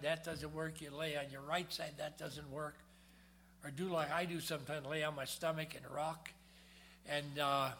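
A male preacher with a high, bright, forceful voice delivers a sermon that swings dramatically from loud, pressing emphasis to hushed, low tones. Whenever he reads scripture aloud, he slows down. There's a slight hiss or hum in the recording.

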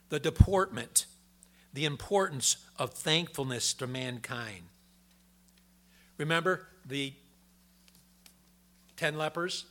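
An older man preaching a sermon in a folksy, conversational way, telling personal stories, with a gravelly voice. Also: a little high, slow pace, pauses often, a bit bright.

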